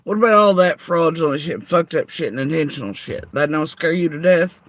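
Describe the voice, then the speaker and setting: A vlogger with a slightly high, fairly bright voice speaks a little fast over poor audio. He delivers an angry, profane, sarcastic rant aimed straight at someone he's calling out.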